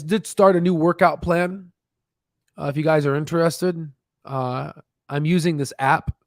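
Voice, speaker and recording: Guy rambling at his desk, lotsa ums, voice a bit high, dry close sound. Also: dry recording. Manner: rambling, many fillers and restarts, laughs at himself. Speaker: stock channel host. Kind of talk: casual livestream chat. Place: home desk with screen share.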